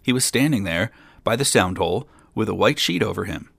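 A man's voice: on the low side, expressive, fairly quick, creaky, a bit bright, slightly rough, no echo, clean studio sound, full character voice. A man voicing a naive, fearless young boy who talks plainly and earnestly.

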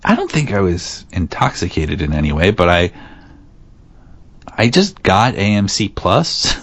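A man's voice: sits low, big pitch swings, a little slow, a bit bright, no room sound. A man co-hosting a podcast in casual chat, rambling and teasing with many fillers. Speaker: podcast co-host.

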